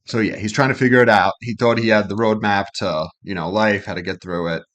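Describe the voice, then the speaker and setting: Low-voiced man breaking down song lyrics. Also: steady tone, a little fast, fairly bright tone. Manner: loose and chatty, quoting lyrics, swears freely. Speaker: co-host of a music reaction channel.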